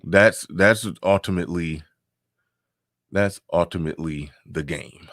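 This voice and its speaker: A man with a very low, fairly bright voice riffs loosely while hosting a live stream, reading comments aloud, repeating phrases, and chuckling between points. His pace is measured, and the audio is close, dry, and free of echo.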